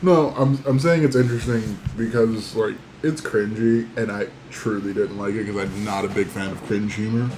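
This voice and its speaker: A man's voice: on the low side, steady tone, moderate pace, few pauses, darkish tone, slight background noise, low-quality recording. A man in his twenties giving a blunt, casual film opinion, swearing and filling with "like". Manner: blunt and sweary, many "like" fillers. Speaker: podcast co-host. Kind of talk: casual movie review chat.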